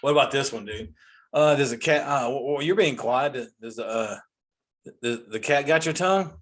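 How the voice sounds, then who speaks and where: A man's voice: mid-range voice, moderate pace. A forty-three-year-old male comedian ranting in an exasperated, incredulous way about common sayings. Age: 40s. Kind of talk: comedic rant.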